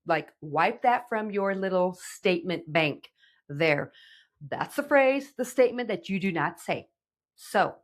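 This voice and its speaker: A middle-aged woman, a teen relationship coach, giving emphatic direct-to-camera advice to parents and checking in with "okay?". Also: medium pitch. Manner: animated, emphatic, checks in with 'okay?'.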